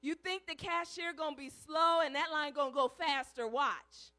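A woman preaching a sermon, building to shouted climaxes and then dropping soft to tell stories. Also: high voice, normal speed.

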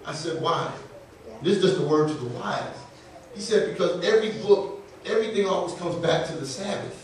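High-voiced pastor in a very echoey church. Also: male voice, fairly quick. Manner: animated, laughing storyteller acting out dialogue. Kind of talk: sermon with personal storytelling. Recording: echoey room, voice from far off the mic.

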